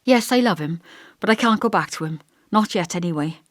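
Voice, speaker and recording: A woman's voice: mid-range voice, animated, fairly quick, no echo, lightly acted. A subdued young wife, read by a woman narrator, guarded and evasive in a voice that rises and falls freely. Close and dry, with no room sound. An audiobook dialogue read without heavy character acting.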